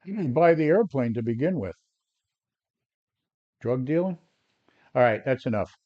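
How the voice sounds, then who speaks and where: A man's voice: medium pitch, expressive, a little slow, a little mellow, lo-fi sound. A man in his seventies coaching traders on a live stream, brash and combative, answering viewers directly. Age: 70s. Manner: brash, combative, talks back to chat. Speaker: trading coach. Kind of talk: live stream trading talk.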